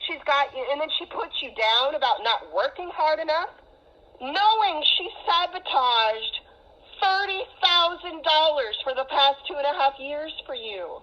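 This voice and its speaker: Brief: middle-aged mother, high voice, agitated and lecturing, muffled call audio. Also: lively intonation, measured pace. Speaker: mother on a call with her adult daughter. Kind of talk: heated personal phone conversation.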